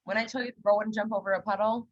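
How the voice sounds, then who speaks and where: Fast-talking, blunt young woman, husky. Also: mid-range voice, muffled recording. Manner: blunt, animated storytelling with acted-out quotes. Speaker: podcast co-host. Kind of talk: casual chat.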